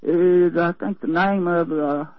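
A woman's voice: fairly low pitch, steady tone, slow, dry recording. Older Southern woman on a dull phone line. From Tennessee. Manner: folksy, meandering, many fillers and restarts. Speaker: radio call-in listener. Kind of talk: rambling phone chat. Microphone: telephone.

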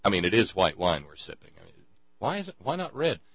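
A man's voice: fairly low pitch, very animated, fast talker, slightly rough, no echo, highs cut off. A man hosting a show, rambling sarcastically in casual commentary, stumbling over restarts.

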